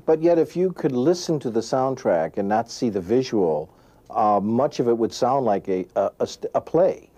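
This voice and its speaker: Brief: male interviewer, mellow, friendly chatty questions. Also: mid-range voice, lively intonation, moderate pace. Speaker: entertainment interviewer.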